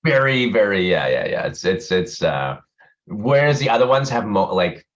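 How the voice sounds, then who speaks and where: A man's voice: lowish voice, big pitch swings, normal speed. A man, an actor being interviewed, chatting casually over a video call, rambling, restarting his sentences and laughing easily. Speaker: actor guest. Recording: dull lo-fi video call audio.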